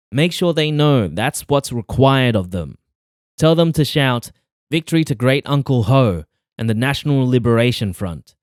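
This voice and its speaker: A man voicing a harsh male party enforcer who shouts orders at the crowd, in an audiobook reading. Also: medium pitch, no echo, studio quality, lightly acted. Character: harsh male former school cleaner turned party enforcer.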